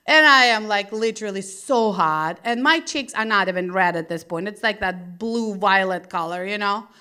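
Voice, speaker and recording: A woman's voice: sits high, bright, forceful tone. Russian-accented woman telling a comedy story. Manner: chatty, laughs at her own story. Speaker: stand-up comedian. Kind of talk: stand-up storytelling. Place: small gallery venue, live audience.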